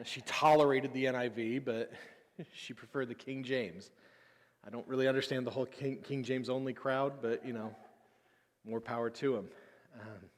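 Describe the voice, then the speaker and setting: A man in his thirties, a pastor, giving a casual, personal sermon full of stories and self-deprecating humor. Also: medium pitch. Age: 30s. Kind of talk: conversational sermon. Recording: long hall reverb.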